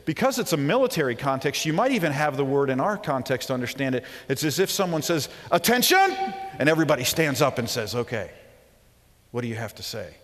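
Man preaching, forties, animated storytelling, acts out voices, sudden hushes, long hall reverb, mid pitch. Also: quick pace. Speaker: preacher and professor. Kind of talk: sermon. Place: large hall.

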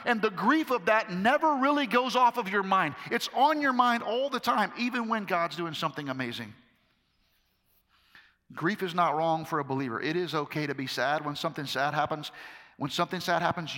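A middle-aged male pastor preaches in a casual, emphatic way and drives his points home through repetition. His voice is high and bright. It rings out with a long hall reverb. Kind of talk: sermon. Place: large hall with a live audience.

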